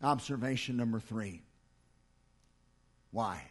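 A man preaching a sermon in a church with an impassioned, repeating cadence, swinging from loud declarations to hushed lines. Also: mid-range voice, slow.

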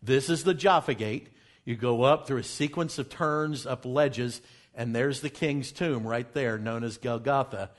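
A man's voice: medium pitch, measured pace. Man telling a dramatic story. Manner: dramatic storyteller, drops to hushed tones for quoted exchanges. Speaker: speaker presenting travel findings. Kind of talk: storytelling talk with slides.

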